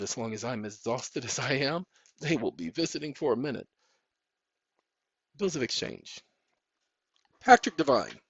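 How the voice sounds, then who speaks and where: A man's voice: mid-range voice, fairly bright tone, dry recording. A tired man hosting his channel in a casual, weary, rambling monologue. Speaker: YouTube channel host. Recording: dull dry recording.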